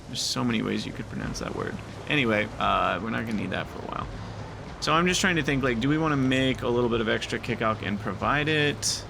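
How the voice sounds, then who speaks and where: A man's voice: mid-range voice, fast, vocal fry, noisy background. A man giving casual gameplay commentary, thinking aloud and muttering to himself as he plays. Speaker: gaming video creator.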